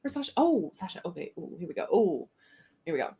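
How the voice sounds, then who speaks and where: A woman co-hosting a casual writing stream, excitable and giggly. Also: lowish voice, fast talker, gravelly, a crowd in the background. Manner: giggly and excitable, reads aloud in a put-on accent. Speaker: streamer co-host.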